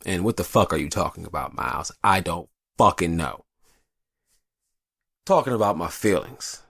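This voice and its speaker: Deep gravelly man, animated monologue. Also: moderate pace, dry recording, clean studio sound. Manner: profane, rambling and confessional. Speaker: podcast host. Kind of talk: casual monologue. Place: hot upstairs room.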